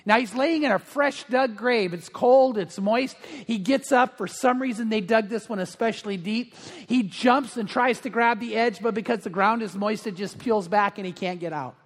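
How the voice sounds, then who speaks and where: A man's voice: sits high, moderate pace, long reverb tail. A middle-aged male pastor giving a sermon, telling stories in a chatty way with many fillers. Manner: anecdotal storytelling with frequent fillers.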